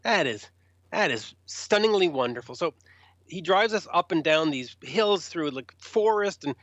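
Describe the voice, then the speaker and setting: A man's voice: on the high side, measured pace, no room sound. A man, a rock journalist, casually telling stories and acting out the people in them. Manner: animated, acts out others in raised voices. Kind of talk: casual storytelling. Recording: dull lo-fi dry sound.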